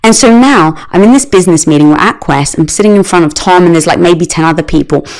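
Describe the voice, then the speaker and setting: A middle-aged woman telling a personal story in conversation, animated and acting out the lines she quotes. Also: on the low side, quick pace, rough recording. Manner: animated, acts out quoted dialogue. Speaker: guest.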